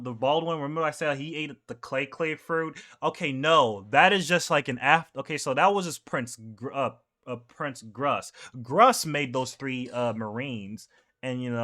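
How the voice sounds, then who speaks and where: A man's voice: medium pitch, moderate pace, sharp tone. A young man casually reading through a manga chapter, rambling and correcting himself as he goes. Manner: rambling, self-correcting, chuckling. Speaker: manga reaction host.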